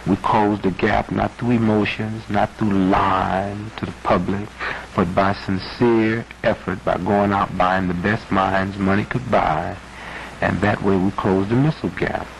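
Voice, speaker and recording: A man's voice: lowish voice, steady tone, unhurried, vocal fry, poor audio. A man in his thirties arguing his point emphatically in an archival interview, his voice building to a preacherly intensity. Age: 30s. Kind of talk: archival interview, impassioned argument. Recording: archival broadcast audio with faint noise.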